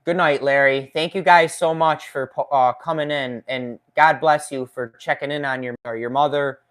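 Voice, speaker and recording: A man's voice: mid-range voice, fairly even intonation, moderate pace, a bit bright. A man hosting a casual live stream who chats with viewers, reads their comments aloud and laughs often, his injured hand in a splint. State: recovering from a finger injury, in a splint. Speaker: woodworking channel host. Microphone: desk microphone.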